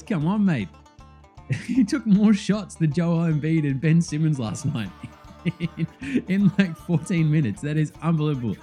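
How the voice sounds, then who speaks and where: Excitable, swearing Australian sports host. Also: male voice, fairly high pitch. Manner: excitable, swears freely, laughs often. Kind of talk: casual sports commentary.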